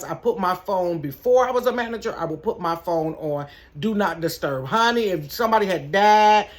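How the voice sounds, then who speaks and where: A middle-aged woman tells a story to her camera from her bedroom. Her voice sits fairly low, but it swoops up and down with a lot of life. She is chatty and animated, and she keeps calling her viewers "y'all" and "honey". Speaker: store manager. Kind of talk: casual storytime vlog.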